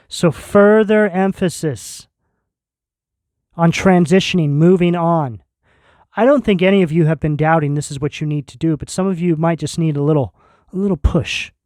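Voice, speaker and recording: A man giving a tarot reading video, speaking in slow, emphatic, intense declarations. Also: fairly high pitch, a little mellow, no echo, clean studio sound. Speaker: tarot reader.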